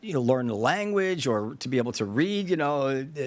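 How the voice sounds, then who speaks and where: In a dry recording, a man with a mid-range voice hosts a podcast at moderate speed. He muses out loud about a debate, wandering off on tangents, using fillers, and performing imagined back-and-forth dialogues with lively energy.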